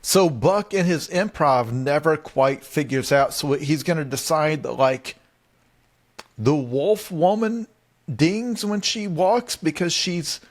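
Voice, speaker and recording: Male podcast co-host, slightly high voice, rambling and exasperated recap banter. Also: takes it slowly. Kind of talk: comedic recap chat.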